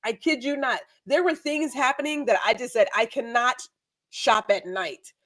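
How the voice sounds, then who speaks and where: A woman's voice: on the high side, normal speed, a bit bright. A woman from Houston talking in a casual group chat, emphatic, repeating her points for effect. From Texas, Houston. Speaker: guest.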